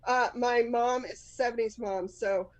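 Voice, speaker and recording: Woman in her fifties, boston accent, storytelling host, self-deprecating, laughs a lot, fairly high voice. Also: fairly even intonation, a little slow, low-quality recording. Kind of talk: personal storytelling.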